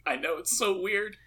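A man's voice: sits high, pushed and bright. A man co-hosting a casual comedic podcast, chiming in with dry, mocking agreement. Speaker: podcast co-host.

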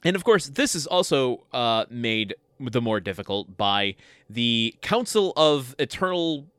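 A man co-hosts a casual movie review podcast, summing up the plot with wry sarcasm. His voice is bright and crisp, and the sound is dry and close. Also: mid-range voice, big pitch swings, measured pace, no echo. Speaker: podcast co-host.

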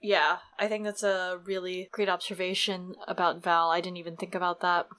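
A woman's voice: lowish voice, flat delivery, moderate pace, fairly bright tone, smooth. A woman co-hosting a podcast in casual chat, easygoing, agreeable and wry. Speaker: podcast co-host.

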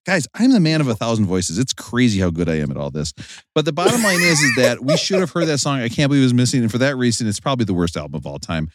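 A man's voice: sing-song, fast. A man hosting a podcast in casual comic chat, jokey and theatrical. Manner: jokey, theatrical, swings pitch widely. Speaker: podcast host.

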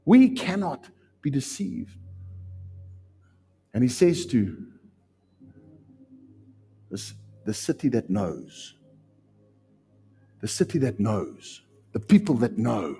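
A man with a South African accent preaching a sermon as pastor, emphatic and repetitive, with sudden loud rises. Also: fairly low pitch, very animated, takes it slowly, long pauses, slightly rough, soft background music.

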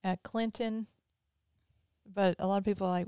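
A woman's voice: mid-range voice, fairly even intonation, normal speed, warm tone, clear, resonant tone, no echo, studio quality. A woman from Mississippi with a Southern accent mixed with some Northern, hosting a casual podcast chat. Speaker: podcast host.

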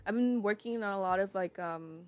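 A woman's voice: mid-range voice, fairly quick. A young woman chatting casually with friends, laid-back and slangy, with lots of fillers and swearing. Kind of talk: casual chat.

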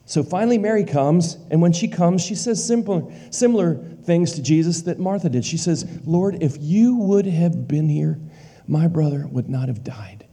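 A man preaching with emphasis, his voice pitched a little high but dark and mellow in tone. He repeats phrases for weight and sinks to a near whisper on key words. The sound carries a long, lingering reverb, as in a large church hall. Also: expressive, moderate pace, hardly any pauses. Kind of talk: sermon.

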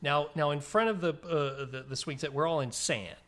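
With a slightly high, somewhat bright voice at an ordinary pace, a middle-aged man co-hosts a casual podcast and plays trivia. He's a rambling, self-correcting storyteller, repeatedly revising and restarting an anecdote.

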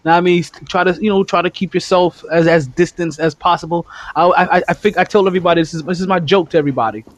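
A man's voice: high-pitched, quick pace, dry recording. A man hosting a casual sports podcast, laughing often and rambling, recorded on his phone. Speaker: podcast host.

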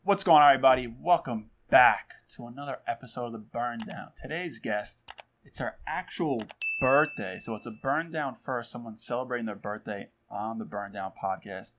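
A man's voice: medium pitch, moderate pace, background noise. A man hosting a podcast, upbeat and welcoming in casual chat. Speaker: podcast host.

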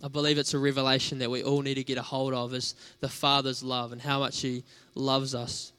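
A man's voice: medium pitch, flat delivery, fairly quick, sharp tone, clear, resonant tone. A man preaching a sermon in a conversational, storytelling way, with casual fillers.

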